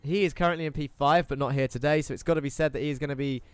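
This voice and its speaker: A man's voice: on the high side, steady tone, racing, smooth, dry recording, soft background music. Upbeat man calling sim racing results. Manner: chatty, upbeat, self-deprecating asides. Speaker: esports racing commentator. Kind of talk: results rundown commentary.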